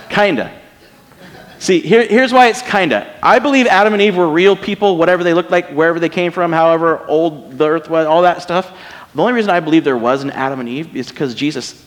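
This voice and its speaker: Joking man preaching in a reverberant hall. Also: on the high side. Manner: conversational, joking, asks rhetorical questions. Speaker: pastor. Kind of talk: casual sermon.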